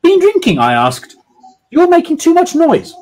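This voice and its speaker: A man's voice: a little high, huge pitch swings, moderate pace, a little mellow, breathy edge, full character voice. A man voicing a curious, slightly mocking village man out looking for his lost dog. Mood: questioning.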